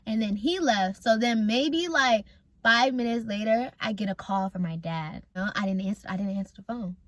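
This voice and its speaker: A young woman from North Carolina tells a personal story to her viewers in casual, animated chat, swearing often and swinging between loud anger and quiet mumbling. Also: medium pitch, moderate pace, no echo. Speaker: vlogger telling a story.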